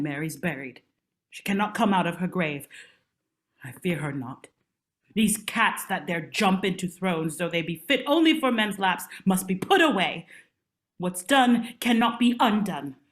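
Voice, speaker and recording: A woman's voice: medium pitch, lively intonation, unhurried, lightly acted. A woman playing a proud, sleepwalking Tudor queen in an amateur online stage play, speaking in a commanding, scornful way. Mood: raving. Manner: commanding, scornful, archaic theatrical speech. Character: imperious sleepwalking Queen Elizabeth I, haughty and sharp-tongued.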